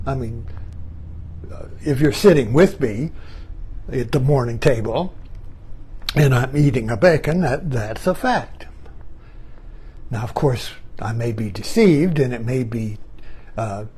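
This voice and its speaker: A man's voice: medium pitch, expressive, measured pace, long pauses, a little mellow, slightly rough. An older man musing in a rambling monologue, repeating himself and chuckling as he turns his ideas over. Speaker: online talk host. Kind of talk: reflective monologue.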